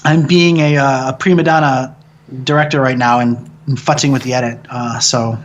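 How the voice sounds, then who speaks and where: A man, a film director, telling stories in a casual interview, excitable and cursing freely as he jokes. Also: medium pitch, normal speed, lo-fi sound. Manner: excitable, swears freely, jokey storytelling.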